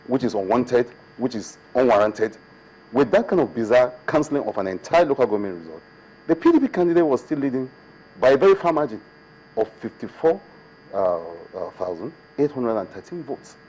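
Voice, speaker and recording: A man's voice: mid-range voice, very animated, fairly quick, dark tone, breathy edge, rough recording. A man, a state government commissioner, answering questions as a guest in a TV studio interview, building his case with emphatic repetitions.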